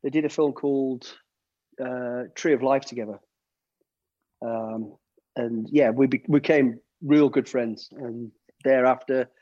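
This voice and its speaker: A man's voice: medium pitch, mellow, no echo. A middle-aged man, a former soldier and bodyguard, telling rambling stories in casual chat, with plenty of restarts and acted-out quotes. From United Kingdom. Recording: dull, dry sound.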